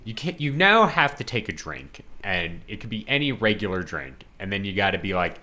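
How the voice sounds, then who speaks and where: A young man co-hosts a podcast in easy, casual chat. His voice is bright and forward, and it swings widely in pitch as he tells his stories, often laughing through the lines. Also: a little fast, hardly any pauses. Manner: animated storyteller, laughs while talking. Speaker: podcast co-host.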